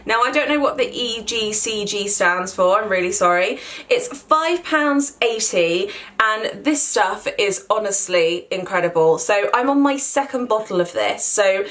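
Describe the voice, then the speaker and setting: A woman's voice: mid-range voice, lively intonation, unhurried, fairly bright tone. Chatty woman gushing over skincare. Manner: enthusiastic, chatty, repeats "really". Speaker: beauty vlogger. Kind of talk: casual product review.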